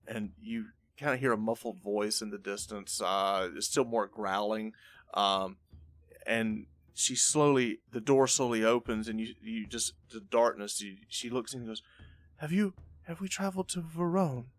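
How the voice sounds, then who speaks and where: A man's voice: on the low side, steady tone, a bit bright, no room sound. Man narrating as game master, dry sound. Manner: halting, filler-heavy narration.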